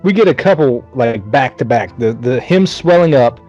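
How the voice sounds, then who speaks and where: A mid-pitched man runs through a movie plot in loose, profane podcast banter, jumping into mocking character voices as he goes. The audio is a bit dull and lo-fi, with faint music underneath. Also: animated, moderate pace, a little mellow. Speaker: podcast co-host. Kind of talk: casual movie-recap chat.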